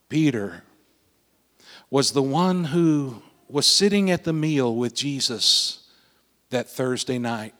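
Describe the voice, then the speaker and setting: A man preaching a sermon, telling the story dramatically, with his voice swelling and then dropping to a hush. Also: mid-range voice, animated, slow, long reverb tail. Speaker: pastor.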